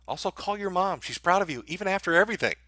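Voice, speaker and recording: A man's voice: high-pitched, animated, fast, bright, forceful tone, no echo, studio quality. A man hosting a livestream, reading viewer donations and answering them in sardonic, profane commentary. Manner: sardonic, blunt, swears freely.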